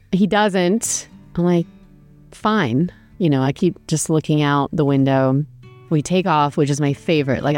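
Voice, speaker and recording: A woman's voice: sits low, darkish tone. A woman casually telling a travel story, chatty and self-deprecating, with many fillers.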